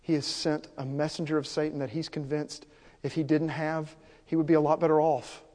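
A pastor preaching an impassioned sermon, swinging from hushed, intimate passages to loud, urgent peaks. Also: male voice, fairly high pitch, flat delivery, a little fast. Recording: long hall reverb.

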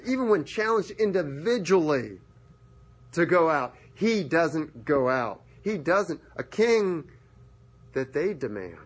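A male preacher with a husky, slightly raised voice, telling a scripture story with lively dramatic swings. He acts out the characters' lines as he goes, rising high for the excited moments and dropping low for the sober points. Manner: animated storytelling, acting out biblical characters. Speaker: pastor. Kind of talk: sermon.

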